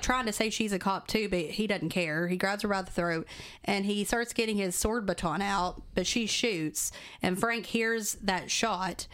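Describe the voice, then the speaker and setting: A woman's voice: medium pitch, a bit bright. A woman co-host talks through a movie plot in loose, casual podcast chat. She rambles and restarts often, stringing scenes together with fillers.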